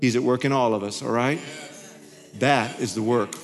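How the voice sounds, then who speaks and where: A male pastor telling a story in his sermon, animated, his voice climbing high when he gets excited. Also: normal speed. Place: large church hall. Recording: hall reverb with faint music.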